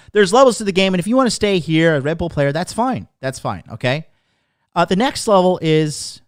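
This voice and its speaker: A man's voice: mid-range voice, dry recording, clean studio sound. A man in his thirties hosting a podcast, talking in a brash, profane, emphatic monologue. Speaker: podcast host.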